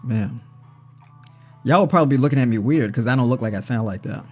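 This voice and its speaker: A man's voice: medium pitch, quick pace, a little mellow, soft background music. A man hosting a casual livestream on diet, joking and conversational, often tagging his points with "right?". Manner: joking, conversational, tags with "right?" and "you know". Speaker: livestream host. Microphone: personal mic.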